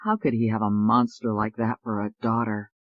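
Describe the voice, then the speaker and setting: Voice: medium pitch, little pitch movement, normal speed, no echo, lo-fi sound, pitched below the performer's own voice, lightly acted. A narrator voicing an earnest young male lawyer who speaks in a subdued way.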